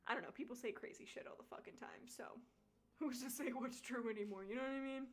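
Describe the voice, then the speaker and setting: A woman's voice: fairly high pitch, fast. A young woman vlogger chatting casually about her tattoos, full of fillers and swearing. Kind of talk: casual chat.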